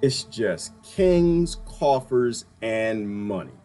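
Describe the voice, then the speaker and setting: A man hosting a casual livestream, ranting in an animated way and laughing often as he reads viewer comments. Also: medium pitch, extremely slow, soft background music. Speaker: livestream host.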